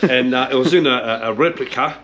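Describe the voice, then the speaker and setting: A middle-aged Australian man talks cars in his home shed, rough-spoken and loose with the swearing, tripping over his words as he goes. His voice sits in an ordinary middle pitch. A faint hiss of noise runs underneath. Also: quick pace, fairly bright tone, muffled recording. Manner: rough-spoken, swears freely, repeats himself. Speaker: car restorer showing his shed. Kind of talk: casual chat.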